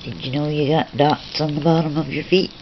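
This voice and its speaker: A woman's voice: low-pitched, a little fast. A woman filming her pets at home and chatting to them in a teasing, sing-song way. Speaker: pet owner filming her birds. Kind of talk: casual talk to pets while filming. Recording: dull lo-fi home video with steady noise.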